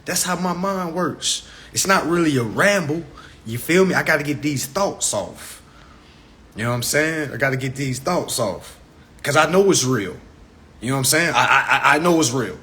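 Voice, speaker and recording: A man's voice: a little high, moderate pace. A man talking on a phone live stream in a casual rant, speaking to viewers directly and acting out what others say. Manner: animated, addresses viewers as y'all, acts out others.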